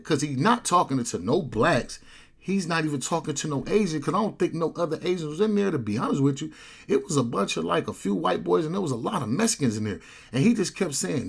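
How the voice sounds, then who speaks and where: A man telling a long casual story, acting out the people in it with sudden high-pitched quoted voices. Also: fairly quick, creaky, slightly rough. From California. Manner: animated, acts out quoted voices with big jumps in pitch.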